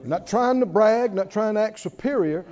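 A man preaching a sermon, swinging from near-shouts down to hushed tones, often laughing between lines. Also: high voice, animated, normal speed, highs cut off. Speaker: pastor.

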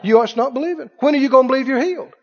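A man preaching a sermon, telling a story from his own life in an animated way and laughing as he tells it. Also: very high voice, very fast, a faint crowd. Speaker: pastor. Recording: dull sound with long hall reverb.

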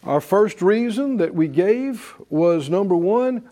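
In this clip, a man with a high, expressive voice preaches a sermon at a slow pace in a dark tone. He reads verses with emphatic rhythm and leads the congregation through repeated call-and-response.

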